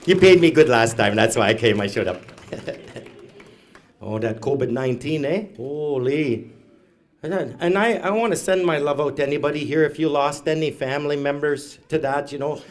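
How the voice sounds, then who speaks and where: Man doing a deadpan stand-up set. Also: a little high, a little fast. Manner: storytelling, deadpan asides, laughs at own jokes. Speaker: stand-up comedian. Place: live event hall, audience.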